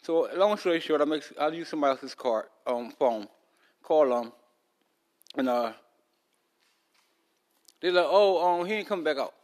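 A man's voice: on the high side, lively intonation, normal speed, long pauses, darkish tone. A man hosting a podcast, telling a long story in a loose, rambling casual way, talking around a loose tooth. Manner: loose, rambling, with many fillers and restarts. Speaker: podcast host.

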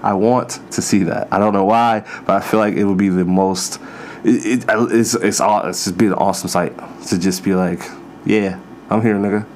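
A man's voice: low voice, steady tone, normal speed, darkish tone, a little hiss or hum. A man hosting a podcast, telling rambling, profane stories in a casual comedic monologue with self-mocking asides. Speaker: podcast host.

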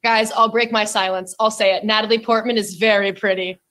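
A woman's voice: mid-range voice, flat delivery, fairly quick, fairly bright tone, a little hiss or hum. A woman chatting with friends, giving frank, half-joking opinions. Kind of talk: casual group chat.

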